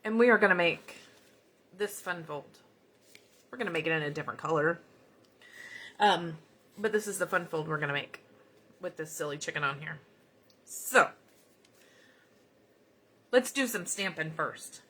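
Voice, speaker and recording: A woman's voice: on the low side, animated, normal speed, pauses often, bright, forceful tone. A woman with a Southern US accent, chatting in a folksy way as she demonstrates card-making live. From United States. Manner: chatty, folksy, talks while working. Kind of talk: casual live crafting chat.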